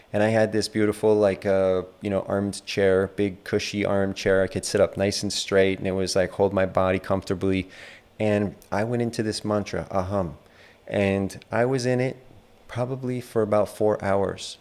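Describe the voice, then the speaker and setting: A man teaching the internal arts in a casual spoken lecture, relaxed and rambling, with many fillers as he tells a story. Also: on the low side, smooth.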